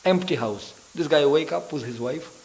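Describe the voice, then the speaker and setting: Here the visiting preacher sounds a little high and slightly mellow, speaking at normal speed in a rough recording. In the temple hall he preaches through lively stories, acting out characters and often laughing.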